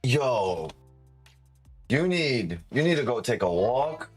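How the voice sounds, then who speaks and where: A man's voice: mid-range voice, big pitch swings, takes it slowly, breathy edge, soft background music. A man, a trading streamer, chatting casually on a live stream, swearing a lot, joking and laughing often.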